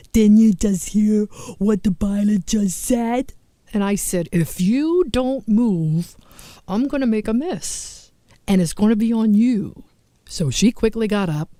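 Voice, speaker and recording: Female storyteller host, self-mocking and animated, dry close sound. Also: fairly low pitch, clear, resonant tone, dry recording. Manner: animated, self-mocking, acts out quoted lines. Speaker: host telling funny stories. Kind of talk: storytelling monologue.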